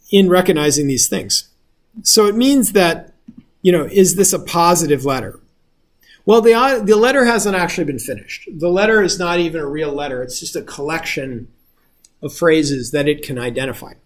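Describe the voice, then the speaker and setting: Man explaining things in a class. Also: a little high. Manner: explanatory, often checking understanding. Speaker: instructor. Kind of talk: casual classroom lecture.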